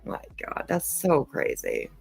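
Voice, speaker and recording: A woman's voice: slow pace, darkish tone, no room sound, faint music behind. A woman giving casual live commentary, swearing freely, mocking, and often laughing. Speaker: commentary streamer.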